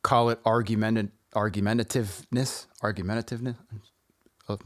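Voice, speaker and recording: A man's voice: on the low side, steady tone, fairly quick, a bit bright. A man co-hosting a podcast in casual chat, laid-back and teasing, giving mock-professional advice to his friend. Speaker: podcast co-host.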